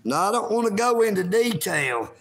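A man in his fifties with a strikingly high, gravelly voice that has a sharp, bright edge. He rambles slowly through a live stream between drags on a cigarette, and every so often he breaks into a shout. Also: very animated. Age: 50s. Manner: slow, drawn-out, breaks into shouting; smoking while talking. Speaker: livestream host.

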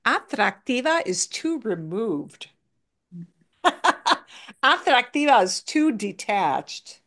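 A woman teaching Spanish at an unhurried pace, switching between English explanations and Spanish examples. She drills words by saying them again and again, patient and steady. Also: on the high side. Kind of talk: online language class.

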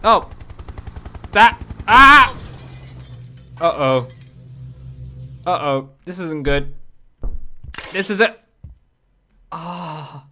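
A man's voice: high-pitched, sharp tone, clear, resonant tone. A man hosting his own gaming channel, giving playful, exclamatory commentary while he plays and talking to the game. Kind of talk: casual gameplay commentary.

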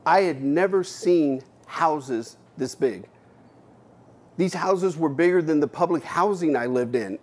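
A man from the United States giving a keynote speech. He tells a personal story bluntly, with casual swearing, and swings between hushed and emphatic delivery while acting out his own past words. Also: a little high, expressive, moderate pace, breathy edge. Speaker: keynote speaker. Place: stage at a university event.

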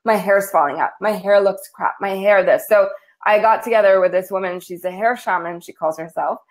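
A chatty woman hosting a livestream, rambling through her stories with frequent laughter. Her voice sits at an ordinary middle pitch. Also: fairly quick, low-quality recording. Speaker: host. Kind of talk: casual chat on a livestream.

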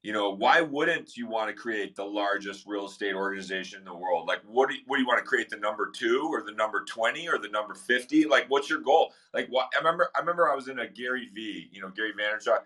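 Bright, energetic man hosting. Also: on the low side, fast talker, few pauses. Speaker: host. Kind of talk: hosting a group discussion.

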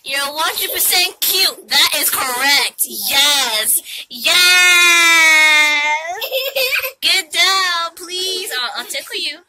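A woman's voice: extremely high pitch, very slow, noisy background. A young woman playfully teasing and coaxing her small child at home while filming a casual vlog. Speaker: vlogger, mother. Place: home living room.

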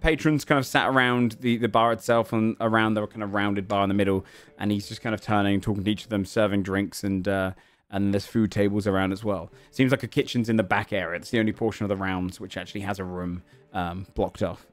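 A man's voice: on the low side, fairly even intonation, fairly quick. A man running a tabletop game as game master, describing scenes with lots of ums and uhs. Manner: rambling with many fillers.

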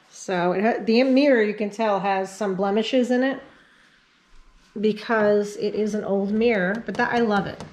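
A middle-aged woman from the Catskills area of New York gives a casual home tour vlog, chatting to viewers as she walks from room to room of her house. Her voice is mid-range with a darkish tone, on a rough recording with a little hiss or hum. She's chatty and uses baby-talk with her dogs.

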